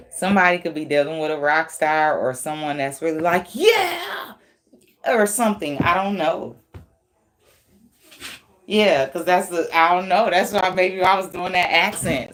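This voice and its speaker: A woman's voice: sits low, fairly bright tone. A woman giving a casual tarot reading, blunt and profane, laughing often as she talks. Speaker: tarot reader.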